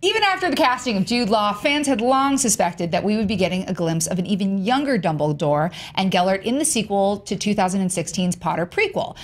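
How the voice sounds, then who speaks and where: A woman's voice: medium pitch, animated, a little fast, hardly any pauses. A woman hosting an entertainment news show, playful and jokey as she leads a casual panel chat.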